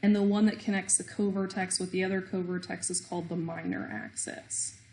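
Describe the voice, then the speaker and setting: A woman's voice: on the low side, fairly even intonation, brisk, darkish tone, a little hiss or hum. A woman teaching a recorded math lesson, explaining step by step with small self-deprecating jokes.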